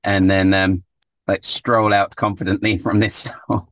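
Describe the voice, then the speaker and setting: A man playing in a tabletop game who talks in a relaxed way, laughing often and using plenty of fillers. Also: deep voice, measured pace, no room sound. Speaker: player. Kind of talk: casual tabletop play.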